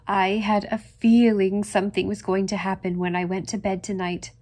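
A woman voicing a fussy, gloomy elderly aunt who lowers her voice creepily in an audiobook reading. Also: flat delivery, normal speed, darkish tone, natural voice. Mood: ominous.

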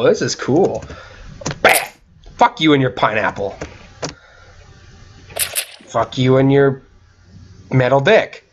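Excitable young man whooping over a game. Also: medium pitch, lo-fi sound, slight background noise. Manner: excitable, yelps and whoops, swears often. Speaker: gaming channel host. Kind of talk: casual gaming commentary.

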